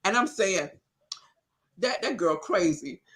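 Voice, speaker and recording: A woman hosting a casual chat on a video call, telling stories with lively exclamations and easy laughter. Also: mid-range voice, takes it slowly, breathy edge. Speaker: party host.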